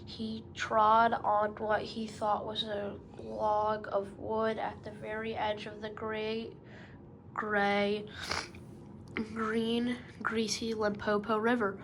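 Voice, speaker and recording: A woman's voice: mid-range voice, completely flat delivery, takes it slowly, slight background noise, low-quality recording. A woman storyteller narrating a children's story, calling the listener "best beloved".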